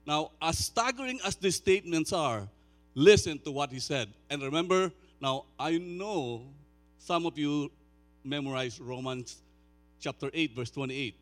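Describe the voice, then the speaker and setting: A man in his sixties preaching a sermon, chatting with the congregation and then swelling into loud, slow, emphatic declaiming. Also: fairly high pitch, faint music behind. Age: 60s. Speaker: pastor.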